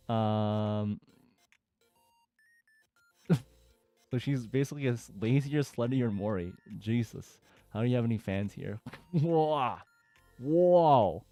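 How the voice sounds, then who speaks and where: A man's voice: medium pitch, dark tone, no echo. A man casually reading forum posts aloud and commenting, with lots of fillers and chuckles. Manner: chatty, with frequent fillers and laughter.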